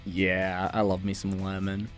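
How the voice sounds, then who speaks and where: A man's voice: low voice, unhurried, faint music behind. A man co-hosting a casual chat, reading out fan questions and answering them loosely. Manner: relaxed, reads out fan questions. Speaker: co-host.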